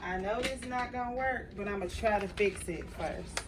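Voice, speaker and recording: A young woman works on a craft project and chats to her viewers as "y'all," reacting emotionally along the way; she's a crafting vlogger. She talks at a medium pitch and normal speed with few pauses, against a noisy background.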